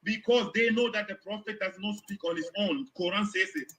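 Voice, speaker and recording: A man calling in to a debate, explaining his point haltingly with many restarts. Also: high-pitched, a bit bright, rough recording. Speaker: caller. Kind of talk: religious argument on a call.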